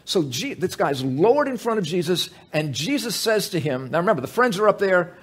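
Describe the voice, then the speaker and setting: Male Bible teacher, slightly high and husky, lively storytelling delivery. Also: brisk. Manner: animated, emphatic, asks the listeners questions.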